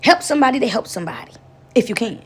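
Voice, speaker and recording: Woman preaching off the cuff, kinda husky, higher voice, keeps checking you follow. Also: expressive, rapid-fire. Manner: rambling, repeats "you understand me?". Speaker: spiritual speaker. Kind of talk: informal preaching monologue.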